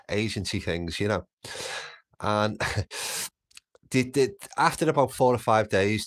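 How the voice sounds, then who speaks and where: Rambling man on a live stream. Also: lowish voice. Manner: rambling, swears, repeats words. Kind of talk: casual live stream chat.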